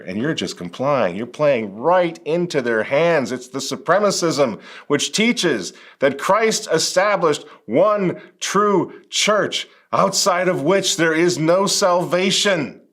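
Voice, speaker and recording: Man, host, indignant commentary, rhetorical questions, lively pitch. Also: slow pace. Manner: indignant, rhetorical, addresses a bishop directly. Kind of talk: impassioned commentary.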